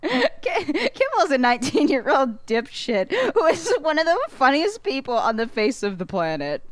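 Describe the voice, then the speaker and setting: A woman's voice: high-pitched, very animated, normal speed, dry recording. A young adult woman, a podcast guest, talking bluntly and profanely in casual chat and laughing often.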